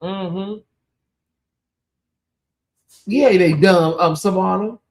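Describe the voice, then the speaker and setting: With a mid-range voice and drawn-out words, a channel host provides sassy running commentary on a TV show. They read viewers' names aloud and break into loud exclamations.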